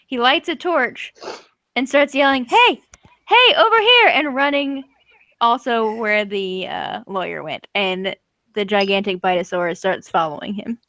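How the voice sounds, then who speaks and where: A woman's voice: mid-range voice, unhurried, fairly bright tone, no room sound. A young woman narrating as game master, laughing often as she goes.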